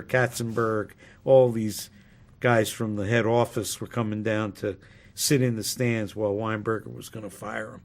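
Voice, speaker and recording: A man recalling past events haltingly, pausing to search for details. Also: on the low side, darkish tone. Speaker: interviewee recalling a studio incident. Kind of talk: conversational recollection.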